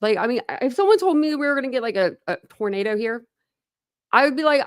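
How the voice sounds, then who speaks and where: A woman's voice: high-pitched, animated, fast talker, dry recording, clean studio sound. A woman hosting a true crime channel, chatting casually with viewers on a livestream, rambling with lots of "like" and answering comments as she goes. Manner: rambling, heavy use of "like".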